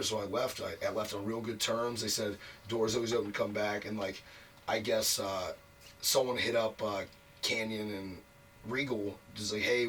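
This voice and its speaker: A man's voice: lowish voice, a bit bright, recorded from a distance. A man telling a long career story as an interview guest, frank and profane, packing his talk with "like" fillers. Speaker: wrestler guest. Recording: voice a bit off mic, faint noise.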